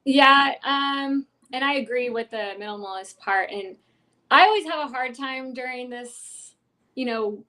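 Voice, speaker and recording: Woman on a sports podcast, kinda high voice, eager and giggly, talking casually. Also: fairly bright tone. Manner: eager, laughs often. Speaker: podcast guest.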